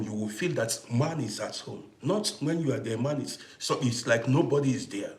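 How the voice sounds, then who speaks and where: Young male streamer. Forceful, preachy delivery. Mid pitch, roomy echo. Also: moderate pace. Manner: forceful, preachy, thanks viewers for gifts. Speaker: live stream host. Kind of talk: casual livestream monologue.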